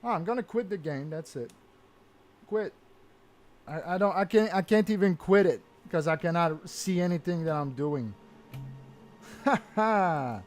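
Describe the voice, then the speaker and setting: Man streaming a game, swearing loudly. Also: sits high, animated, unhurried, long pauses. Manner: frustrated swearing outbursts. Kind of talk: live game stream commentary. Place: home room at a computer.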